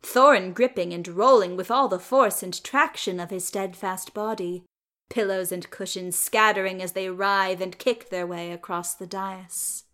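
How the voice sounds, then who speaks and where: Woman reading a story aloud, unhurried. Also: mid-range voice, fairly even intonation, a bit bright. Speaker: reader.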